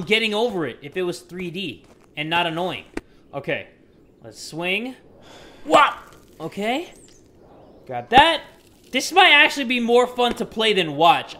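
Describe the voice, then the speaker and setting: Young man, gaming commentary, high bright voice, lively swings in pitch, jokey loud outbursts, faint hiss behind. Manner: excitable, joking, loud outbursts and crude humor. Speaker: gaming YouTuber. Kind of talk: let's-play commentary.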